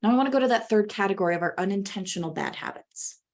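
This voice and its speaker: Woman, speaking coach, webinar talk, lively pitch swings, mid-range voice. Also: very fast. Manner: animated, swings her pitch widely for emphasis. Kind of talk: webinar presentation.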